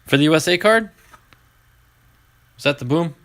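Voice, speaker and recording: A man hosting a casual card-opening stream, chatting to his viewers as he flips through each card. His pitch rises and falls a lot, and he gets excited over good pulls. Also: moderate pace. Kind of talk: live card-opening chat.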